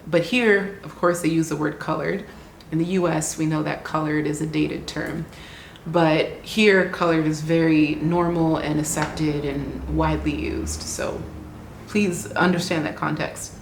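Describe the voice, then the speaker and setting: A woman telling a casual travel diary story, animated and often laughing, restarting her sentences. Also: low voice, unhurried, gravelly, a little hiss or hum. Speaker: travel vlogger. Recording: roomy echo with faint ambience.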